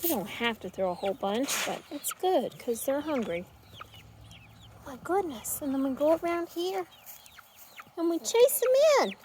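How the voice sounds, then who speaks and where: A woman with a very high, bouncy voice talks to her chickens in sing-song baby talk. She speaks slowly and gently, narrating casually as she herds them in outdoors. Her pitch swoops up and down as she coaxes. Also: slight background noise. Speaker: backyard chicken keeper. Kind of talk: casual vlog narration while herding chickens.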